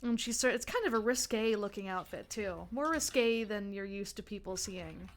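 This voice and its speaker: A woman's voice: mid-range voice, normal speed, slight background noise. A young woman narrating a tabletop game as game master, chatty with many fillers and restarts.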